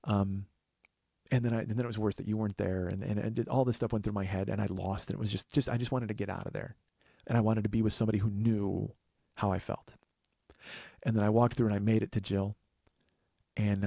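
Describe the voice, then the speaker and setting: A podcast host meanders through a lengthy personal anecdote, with restarts and acted-out quotes from others. He has a low, mellow voice with vocal fry, captured in a dry recording.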